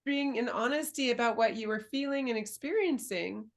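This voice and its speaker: A woman hosting a casual interview as a coach, speaking thoughtfully and searching for her words with soft laughs. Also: fairly high pitch, moderate pace. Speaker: dating and embodiment coach, host.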